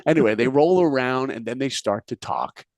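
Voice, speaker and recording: A man on a podcast, telling stories in an animated way, acting out characters' lines and quizzing the host. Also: mid-range voice, normal speed, dry recording. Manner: animated, acts out characters' lines, asks the listener questions. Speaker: podcast guest, speaker and filmmaker. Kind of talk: animated storytelling in conversation.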